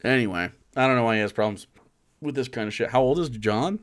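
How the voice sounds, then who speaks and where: A man's voice: medium pitch, quick pace, a bit bright. A man in his thirties streaming live, commenting casually on a video and rambling in an incredulous way with many fillers and restarts.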